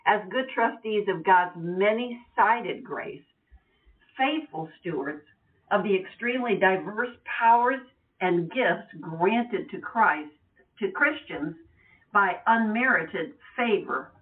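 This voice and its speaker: A woman's voice: medium pitch, animated, slow. Woman reading scripture over a tinny line. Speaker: Bible teacher. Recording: tinny sound from far off.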